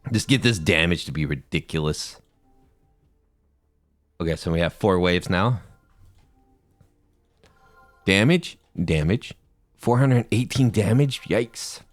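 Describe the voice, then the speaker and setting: A man's voice: sits low, no room sound. A man giving playful gameplay commentary, talking to himself and cracking corny jokes as he plays. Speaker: gaming YouTuber.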